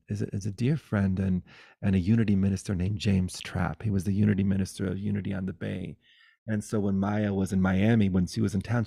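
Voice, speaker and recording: A middle-aged man giving a guided spiritual talk over a video call, swinging between loud exclamations and soft, hushed musing, swearing playfully. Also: on the low side, vocal fry, dry recording, studio quality. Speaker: spiritual teacher.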